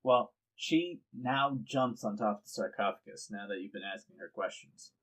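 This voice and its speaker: A man's voice: on the low side, moderate pace, a bit bright, low-quality recording. A man acting as dungeon master, describing scenes unhurriedly and hesitating when improvising. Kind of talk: narrating a tabletop game.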